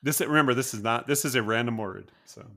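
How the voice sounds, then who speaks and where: A man's voice: mid-range voice, quick pace, gravelly, a bit bright. A man co-hosting a podcast in casual chat, with dry, joking remarks. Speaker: podcast co-host.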